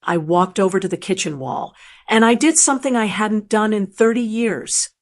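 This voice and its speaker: A woman narrating a scripted first-person story in a gentle, earnest storytelling manner. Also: medium pitch, expressive, moderate pace.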